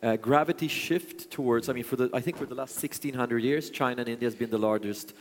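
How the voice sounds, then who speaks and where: Brief: male stage host, rambling fast questions, big hall reverb. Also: mid-range voice, a little hiss or hum. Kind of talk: on-stage interview.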